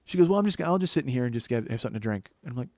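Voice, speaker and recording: Fast-talking, exasperated man telling a comic story. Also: medium pitch, no echo. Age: 40s. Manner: profane, exasperated, animated retelling. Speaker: comedian and podcast host. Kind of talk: comedic storytelling monologue.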